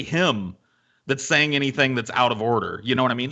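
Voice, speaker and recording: A man hosting a podcast, telling a story in a casual, animated and profane way with lots of fillers. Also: mid-range voice, fast. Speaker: podcast host.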